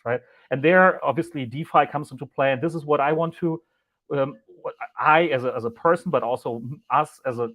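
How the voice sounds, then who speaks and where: A man's voice: mid-range voice, a bit bright. A man on an online panel speaking in a rambling way, restarting his sentences and often asking "right?". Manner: rambling, many restarts, keeps adding "right?".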